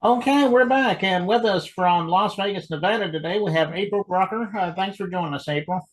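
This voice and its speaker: A man hosting an interview show, friendly and halting, with many pauses. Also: high voice, low-quality recording. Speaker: show host. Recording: faint background noise.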